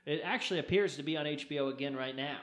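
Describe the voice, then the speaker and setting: Animated, bright-voiced man chatting. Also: a little high, very fast. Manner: animated, jokey, rambling. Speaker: podcast co-host. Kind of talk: casual chat.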